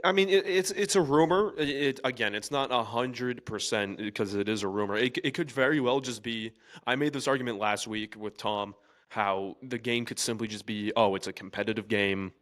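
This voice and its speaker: Animated man sports podcast co-host. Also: mid-range voice, moderate pace. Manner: animated, restarts a lot. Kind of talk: casual sports chat.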